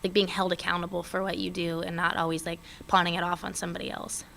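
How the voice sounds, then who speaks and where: A young woman in casual interview chat, talking fast and loose with many fillers. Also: lowish voice, creaky, slight background noise. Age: young adult. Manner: chatty, many fillers, animated when quoting others. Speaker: guest, airman.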